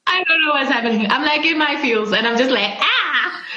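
A woman's voice: sits high, fast talker, pushed and bright, echoey room, highs cut off, slight background noise. A woman hosting a podcast, chatting casually, laughing often and sometimes breaking into song. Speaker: podcast host. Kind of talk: casual podcast intro and Instagram Live chat.

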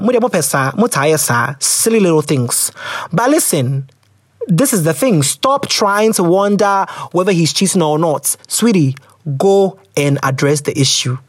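Male Ghanaian podcast host, playful, lively intonation, dry close recording. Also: a little high, no room sound. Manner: playful and animated, slips into sassy quoted voices. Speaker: podcast host reading listener letters. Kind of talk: casual advice chat.

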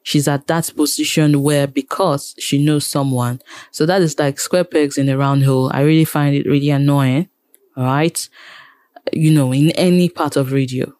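A woman's voice: deep voice, fairly even intonation, moderate pace, darkish tone, no room sound. A Nigerian woman, a radio presenter, talking animatedly in a casual interview and repeating phrases for emphasis. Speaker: radio presenter and programmer, guest.

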